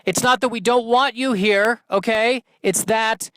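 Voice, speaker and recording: A man's voice: extremely high pitch, fairly even intonation, a little slow, sharp tone, clear, resonant tone, pitched above the performer's own voice, full character voice. A man voicing a bossy alpha male bird who lectures a smaller bird in a condescending tone.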